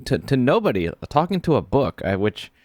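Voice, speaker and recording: A man co-hosting a podcast, telling stories in an animated, exasperated way, with frequent restarts and laughs. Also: medium pitch, moderate pace, no echo. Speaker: podcast co-host. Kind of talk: casual book discussion.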